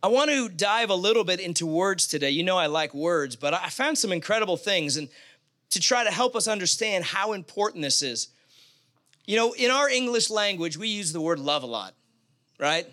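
A man with a high, bright voice delivers a sermon in a church, talking easily and animatedly. He throws questions and asides out to the congregation as he goes. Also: animated, moderate pace. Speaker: pastor.

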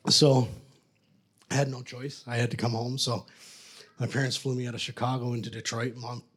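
A man from Canada tells his testimony as a preacher, talking at an ordinary middle pitch. He rambles, restarts himself and pokes fun at his younger self as he goes. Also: little pitch movement, normal speed, fairly bright tone, husky. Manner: rambling, self-mocking storyteller. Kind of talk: testimony storytelling.

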